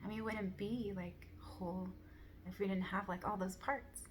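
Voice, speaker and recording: A woman speaking in a soft, earnest, rambling way, full of casual fillers, sharing reflections in a relaxed monologue. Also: mid-range voice, normal speed, noisy background. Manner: soft, rambling, many "like" fillers, gentle laughs; earnest, affirming. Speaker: spiritual vlogger.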